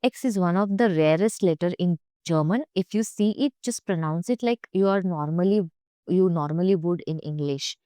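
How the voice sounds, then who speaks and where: A woman's voice: lowish voice, normal speed, dark tone, clear, resonant tone, dry recording, studio quality. A young woman teaching German pronunciation, speaking carefully and repeating each sound for learners. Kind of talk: pronunciation lesson.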